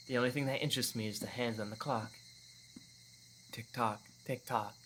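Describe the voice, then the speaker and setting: A man's voice: medium pitch, pushed and bright, a little hiss or hum, natural voice. A man reading a visual novel aloud, voicing a tormented teenage girl sinking into paranoid delusion, repeating herself in an obsessive, pleading way. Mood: hollow.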